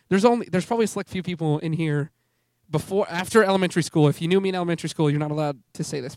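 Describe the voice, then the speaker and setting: A young man speaking at a youth ministry gathering delivers a rambling, sincere testimony sermon, interrupting himself and restarting sentences often. His voice is high yet darkish in tone, recorded at studio quality with no echo.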